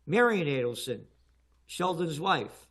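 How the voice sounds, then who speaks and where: An older man giving heated, emphatic political commentary in a talk show, his voice often rising loud. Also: on the high side, big pitch swings, slow pace, husky. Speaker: guest commentator.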